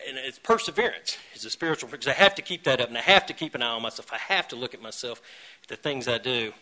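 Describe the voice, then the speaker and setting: Earnest, bright-voiced man. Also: mid-range voice, low-quality recording. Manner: earnest, self-mocking humor with sudden loud bursts. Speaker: speaker sharing at a recovery meeting. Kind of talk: recovery meeting share. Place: meeting room.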